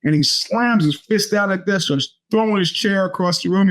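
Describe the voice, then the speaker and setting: Podcast host: middle-aged New man, slightly raised pitch, loose rambling storyteller. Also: expressive, normal speed, few pauses. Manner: rambling storyteller with many restarts and fillers. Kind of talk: casual monologue.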